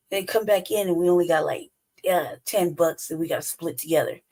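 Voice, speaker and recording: A woman in her forties with a gravelly, husky voice, talking in a loose, casual storytelling rant. She is blunt and profane and laughs often between lines. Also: fairly low pitch, moderate pace, a little mellow, low-quality recording. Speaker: podcast co-host.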